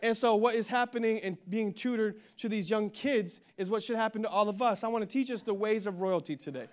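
A young man preaching a sermon as pastor, telling a humorous story and building to loud, energetic declarations. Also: sits high, fairly quick.

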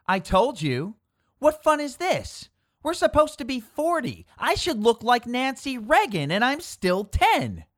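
A performer voicing a bossy ten-year-old girl who is impatient to be a grown-up, with a shrill, scornful manner. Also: huge pitch swings, a little slow, no room sound, clean studio sound.

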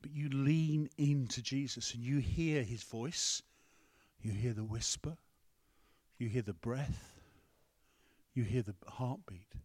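A man's voice: medium pitch, slow pace, a little mellow. A man preaching a conversational sermon, breaking off to ask the room and the tech team for help. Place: church hall with a screen.

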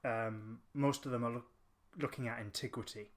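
A man chatting on a podcast at an ordinary middle pitch. He rambles through a story, circling back with ums and restarts. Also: steady tone, moderate pace. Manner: rambling anecdote with fillers and restarts. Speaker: podcast co-host. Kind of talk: casual chat.

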